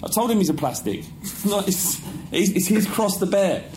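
A man's voice: high voice, animated, normal speed, noisy background. A man co-hosting a football podcast in casual chat, blunt and opinionated with mock outrage. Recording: echoey room.

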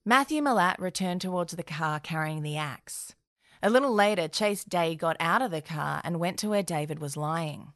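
A woman's voice: on the low side, lively intonation, moderate pace, dry recording. Dry-humored woman podcast co-host. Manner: dry, sardonic asides. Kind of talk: true crime podcast narration.

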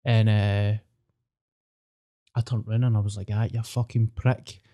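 A man's voice: on the low side, level tone, unhurried, mellow. A young man with a Glaswegian accent, co-hosting a casual podcast and telling sweary anecdotes. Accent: Scottish, Glaswegian. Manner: sweary, storytelling, acts out voices. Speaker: podcast co-host. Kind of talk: casual chat.

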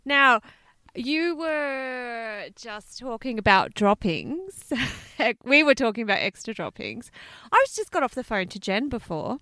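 A woman co-hosting a chatty podcast, bubbly and quick to laugh. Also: on the high side, clear, resonant tone, no echo, studio quality. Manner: bubbly, laughs often, excitable. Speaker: podcast co-host. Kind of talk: casual chat.

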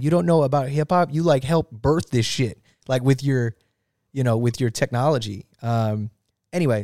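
A man in casual interview chat, an animated storyteller who swears and laughs often. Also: mid-range voice, no room sound, clean studio sound. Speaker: guest musician.

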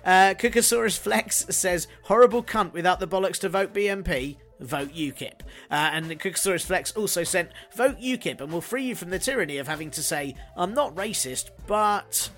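A man's voice: sits high, lively intonation, normal speed, few pauses, fairly bright tone. A man hosting a solo podcast segment, reading listener jokes with sardonic, jokey asides. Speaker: podcast host.

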